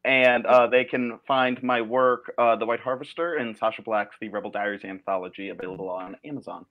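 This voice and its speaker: A man's voice: mid-range voice, steady tone, brisk, lo-fi sound. A man, a writer and guest on a live stream, giving brief, hesitant answers. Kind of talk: casual chat on a live stream.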